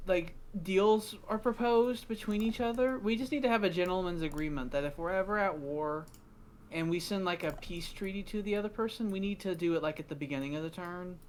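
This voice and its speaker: A man's voice: sits high, normal speed. A man chatting casually over a strategy game with friends, rambling with lots of "like" and laughing easily. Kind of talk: casual gaming chat.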